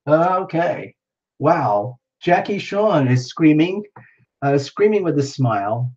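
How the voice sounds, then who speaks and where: Male livestream host, mid-pitched, playful and chatty with his viewers, lo-fi sound. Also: expressive, measured pace, a little mellow, breathy edge. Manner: playful, chatty, reacting to comments. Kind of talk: casual livestream chat with viewers.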